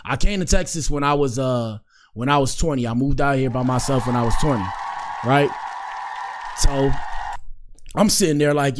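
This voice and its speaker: Soft-spoken guy in his 20s, podcast host rambling thru a story, lots of slang and repeats. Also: mid-range voice, expressive, normal speed. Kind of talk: casual storytelling.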